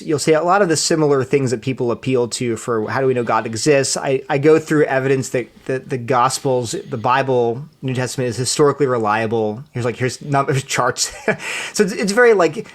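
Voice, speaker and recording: A man being interviewed as an author, explaining his ideas in a lively, storytelling way, often restarting phrases and acting out quoted voices. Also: mid-range voice, brisk, hardly any pauses. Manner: frequent restarts, thinks aloud. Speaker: interview guest, author and apologist. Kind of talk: casual interview conversation.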